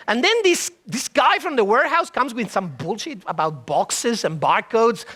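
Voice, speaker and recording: A man giving a comic conference talk, telling a story and acting out the people in it with quick put-on voices. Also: very high-pitched. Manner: animated storytelling, puts on voices for characters. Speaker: conference speaker. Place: conference stage.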